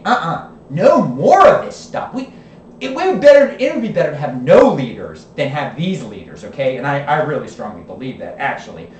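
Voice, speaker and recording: A woman's voice: lowish voice, darkish tone, recorded from a distance, slight background noise. A woman political vlogger giving a heated, scolding rant, often tagging her points with "okay?". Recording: roomy echo, voice away from the mic.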